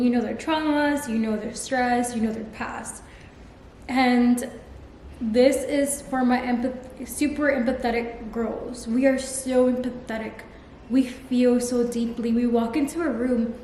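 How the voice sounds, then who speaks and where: A woman's voice: a little high, warm tone, slight background noise. Earnest woman vlogger in an echoey room. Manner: earnest, emphatic and repetitive. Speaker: self-help vlogger. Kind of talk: direct-to-camera advice talk. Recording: echoey room with faint ambience.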